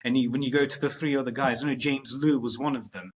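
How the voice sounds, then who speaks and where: A man's voice: mid-range voice, fairly even intonation, fast, breathy edge. A man hosting a casual interview, gushing with fan enthusiasm about favorite scenes. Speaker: interview host.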